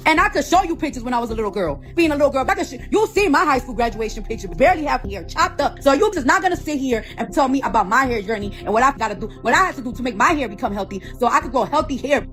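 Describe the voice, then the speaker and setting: Fast, high-voiced woman in a profane rant. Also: expressive, a bit bright, faint music behind. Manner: profane, confrontational, repeats phrases over and over. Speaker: founder of a hair product. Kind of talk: heated off-the-cuff rant.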